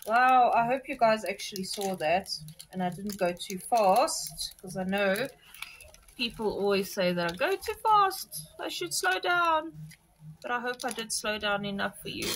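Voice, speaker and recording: A woman vlogging a craft subscription box unboxing, gushing with excitement and talking straight to her viewers. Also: mid-range voice, a little hiss or hum, low-quality recording. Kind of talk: casual unboxing chat to viewers.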